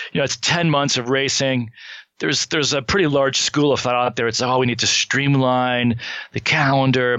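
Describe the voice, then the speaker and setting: Bright-voiced, wry man, slightly dull sound. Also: medium pitch, no echo. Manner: relaxed, wry, opinionated. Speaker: cycling podcast co-host. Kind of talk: casual chat.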